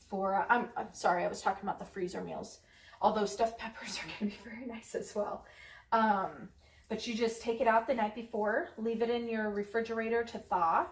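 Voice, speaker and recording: A woman's voice: medium pitch, distant mic. A woman hosting a home cooking vlog, talking casually and rambling with lots of ums as she works in her kitchen. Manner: chatty, rambling, many ums. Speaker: cooking channel host. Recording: echoey room, voice away from mic.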